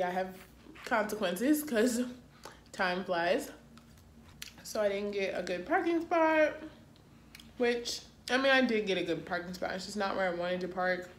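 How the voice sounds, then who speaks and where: Chatty young woman vlogging in an echoey room. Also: mid-range voice. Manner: chatty and self-deprecating, with drawn-out excited exclamations. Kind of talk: casual vlog chat. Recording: echoey room with faint background noise.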